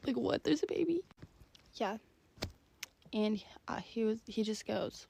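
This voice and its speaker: A woman's voice: on the high side, steady tone, moderate pace, vocal fry, dark tone, slightly rough. A woman of about twenty, a stay-at-home mom, telling a casual storytime in a giggly, chatty way full of fillers.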